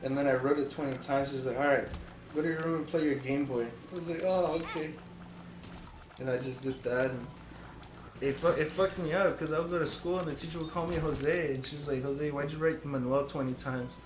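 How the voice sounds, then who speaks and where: A man's voice: fairly high pitch, steady tone, a little fast, roomy sound, noisy background. A man in his early twenties chatting casually, telling rambling stories and swearing freely. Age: 20s. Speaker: streamer. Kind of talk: casual chat.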